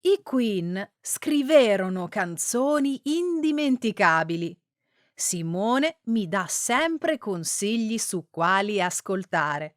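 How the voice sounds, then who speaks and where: A woman slowly and carefully reading short example sentences and single words, with deliberate, precise pronunciation. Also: mid-range voice, big pitch swings, no room sound, clean studio sound.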